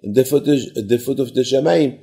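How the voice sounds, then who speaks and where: A man giving a sermon in simple, halting speech, often repeating words and asking rhetorical questions. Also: mid-range voice, warm tone.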